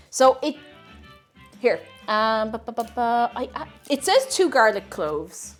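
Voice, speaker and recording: A woman's voice: fairly high pitch, very animated, a little slow, soft background music. A young woman with a Tipperary Irish accent, chatting casually with her livestream chat while she cooks, giggling and greeting viewers. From Tipperary, Ireland. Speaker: cooking streamer.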